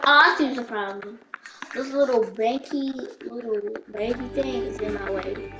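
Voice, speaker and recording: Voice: mid-range voice, moderate pace, loud music behind the voice. A gaming host giving casual let's-play commentary, chatting to the game characters and to viewers. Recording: noisy recording with mouse clicks.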